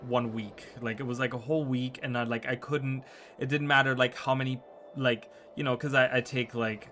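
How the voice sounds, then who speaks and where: A man's voice: medium pitch, sharp tone, slight background noise. A man streaming from his home room and chatting casually to viewers. He rambles, stacks up fillers and often checks in with "right?".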